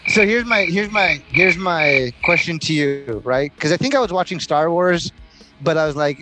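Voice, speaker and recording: A man's voice: a little high, expressive, moderate pace, over music. A man co-hosting a podcast in casual chat, rambling and joking with a lot of swearing. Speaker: podcast co-host.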